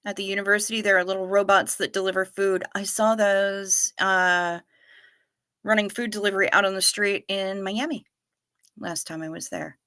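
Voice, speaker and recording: A woman's voice: mid-range voice, flat delivery, normal speed, fairly bright tone, no room sound, clean studio sound. A woman hosting a live stream in a casual, chatty way, reading out viewer comments with wry asides and repeating herself for effect. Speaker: livestream host.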